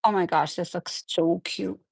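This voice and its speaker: A woman hosting a live nail tutorial in a chatty, excitable way, often apologizing as she works. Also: on the low side, a little slow, gravelly, slightly rough, no echo. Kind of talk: casual live-stream tutorial.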